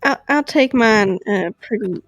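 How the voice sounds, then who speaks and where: A woman's voice: on the high side, a little slow, dry recording, faint music behind. A woman playing in a tabletop game, easygoing, giving short replies. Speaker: player. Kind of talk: casual tabletop game chat.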